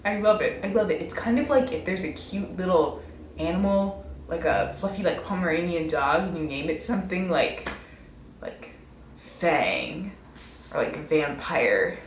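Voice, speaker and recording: A woman's voice: fairly low pitch, expressive, a little slow, slight background noise. Rambling young woman vlogger, echoey room. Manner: rambling, self-mocking, many "like"s. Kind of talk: casual storytelling.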